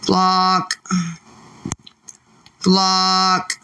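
A woman's voice: fairly low pitch, monotone, extremely slow, bright, forceful tone, smooth, distant mic. A woman livestreaming late at night, irritated and swearing as she argues back at her chat.

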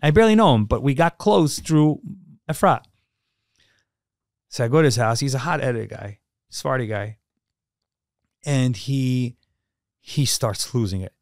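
A man's voice: medium pitch, expressive, measured pace, gravelly, long pauses, darkish tone, no echo. Male podcast guest, emphatic storyteller, dry close sound. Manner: emphatic, repetitive, emotional. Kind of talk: personal storytelling.

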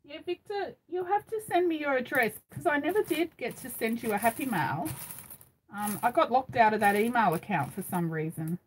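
A woman's voice: on the high side, expressive, normal speed, a little hiss or hum, poor audio. A middle-aged Australian woman hosting a craft live stream, chatting casually and rambling with frequent ums, recorded on a phone. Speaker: craft channel host.

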